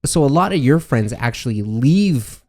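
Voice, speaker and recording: A man raised near Boston, co-hosting a casual podcast over drinks, telling stories in an easygoing, animated way. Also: medium pitch, normal speed. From Boston area, Massachusetts. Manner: easygoing storyteller, animated and laughing. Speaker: podcast co-host.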